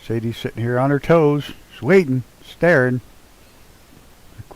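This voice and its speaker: A man's voice: medium pitch, measured pace, poor audio. Casual male streamer, mid-range voice, loose and profane, narrating his own flying to viewers. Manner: loose, swears freely, chats with viewers while doing cockpit tasks. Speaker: live streamer. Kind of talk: casual live-stream chat while flying a flight sim. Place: at home with his dog nearby.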